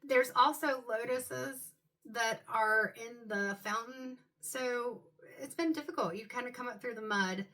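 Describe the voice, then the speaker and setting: A woman giving an intuitive tarot reading to her viewers, talking in a loose, musing way and filling pauses with "um" and "like". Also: a little high, sharp tone. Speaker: tarot card reader.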